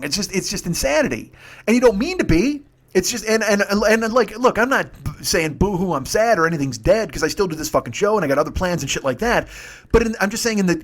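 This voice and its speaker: A man, rambling through a profane comedic monologue as a podcast host. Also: high voice. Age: 50s. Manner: rambling, swearing, animated storytelling.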